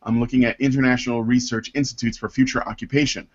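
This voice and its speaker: Male podcast host, mid-pitched, rambling and filler-heavy, dull lo-fi sound. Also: flat delivery. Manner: rambling, halting, with many fillers. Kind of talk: casual panel chat, reading listener mail.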